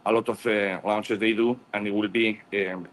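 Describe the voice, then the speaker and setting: A man being interviewed about his business, speaking haltingly with many pauses and "uh"s. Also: on the low side, steady tone. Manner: halting, searching for words with many "uh"s. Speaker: cigar lounge owner, guest. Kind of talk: casual interview.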